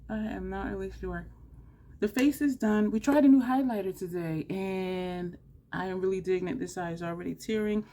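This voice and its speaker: Loud, excitable woman vlogger. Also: mid-range voice, moderate pace. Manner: loud, excitable, says she is yelling; drawling, southern-style "y'all" chatter, playful cursing. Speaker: beauty vlogger. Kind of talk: excited casual chat to camera.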